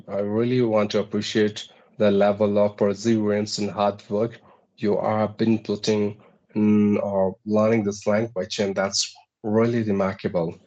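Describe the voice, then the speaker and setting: Indian man giving measured advice, lo-fi. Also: fairly low pitch, a little mellow. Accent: Indian English. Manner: measured, advisory, counts points off one by one. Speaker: English practice partner. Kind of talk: conversational English practice session.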